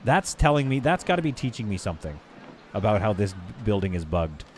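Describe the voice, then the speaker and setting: A man's voice: lowish voice, sing-song, slight background noise. A man live-streaming a game, rambling and joking with his viewers and stumbling through bits of French. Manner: halting, self-correcting stabs at French. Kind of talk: casual live-stream chat while playing.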